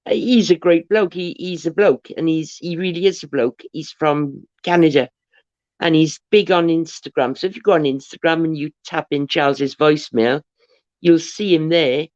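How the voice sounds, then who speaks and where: A woman's voice: deep voice, moderate pace, darkish tone, no echo. A woman hosting a livestream, telling long rambling stories in casual chat with frequent restarts. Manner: chatty storyteller, rambling with restarts. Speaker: livestream host. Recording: dull lo-fi dry livestream audio.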